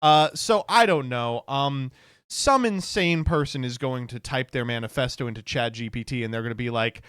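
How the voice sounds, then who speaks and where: A man's voice: medium pitch, moderate pace, a bit bright, smooth, no room sound, clean studio sound. A man streaming and reacting to posts in casual commentary, sardonic and swearing freely.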